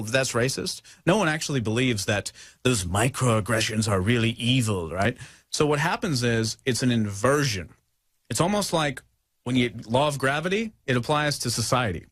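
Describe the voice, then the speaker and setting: A young man hosting a talk show, rambling and mocking as he talks, now and then mimicking others in a high voice. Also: fairly bright tone, no room sound, clean studio sound. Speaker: show host. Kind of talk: animated talk-show monologue.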